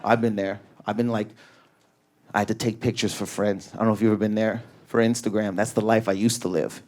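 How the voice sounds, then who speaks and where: A man doing a stand-up comedy set in a club, riffing at high energy on an audience member. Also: little pitch movement, a little fast, darkish tone, a little hiss or hum. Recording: live club with a laughing crowd. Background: audience laughter.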